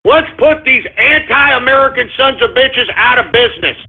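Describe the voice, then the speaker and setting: Gravelly with a breathy edge and deliberately exaggerated, this man's very high-pitched voice moves at normal speed. He's a foul-mouthed, blustering Texan host ranting, cursing and stumbling through a parody talk radio bit with drunk-sounding bravado. The audio is tinny and phone-like.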